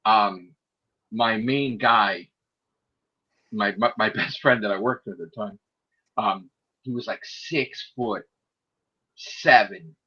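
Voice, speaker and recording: A man with a bright, husky voice tells his story in loose, animated chat and swears freely. He slips into raised, shouting voices when he quotes people. The recording sounds dull and lo-fi. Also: fairly low pitch, slow pace, long pauses. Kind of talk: casual storytelling.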